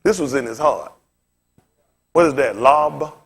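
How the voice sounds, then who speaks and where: In a gravelly, husky voice of medium pitch, a man delivers a relaxed Bible lesson as a pastor, speaking a little slowly with lively intonation. He talks casually and constantly fires rhetorical questions at his audience.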